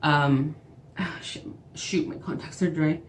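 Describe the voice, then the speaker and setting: A woman's voice: sits low, fairly even intonation, unhurried. A young woman with a Navajo accent telling a storytime vlog, acting out both sides of phone calls as she retells them. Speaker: vlogger. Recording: echoey room with faint background noise.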